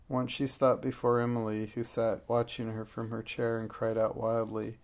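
A man reading a story aloud in an even, unhurried manner as an audiobook narrator. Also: medium pitch. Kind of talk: scripted narration.

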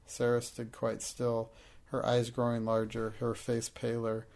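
Gravelly, flat-voiced male storyteller. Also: mid-range voice. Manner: steady, measured storytelling. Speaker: narrator. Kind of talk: audiobook narration.

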